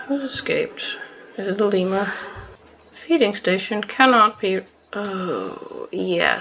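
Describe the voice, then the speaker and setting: A woman's voice: on the high side, bright, forceful tone, a little hiss or hum. A woman casually commenting as she plays a zoo-building game, wry and self-mocking, chatting to the animals on screen. The sound is dull and lo-fi. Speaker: gameplay video host. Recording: dull lo-fi sound with faint music.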